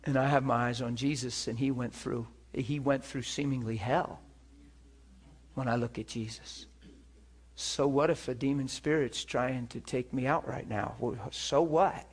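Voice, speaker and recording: A man's voice: mid-range voice, fairly even intonation, unhurried, husky. A man preaching a sermon, telling an earnest testimony to his church with emphatic rhetorical questions. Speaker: pastor.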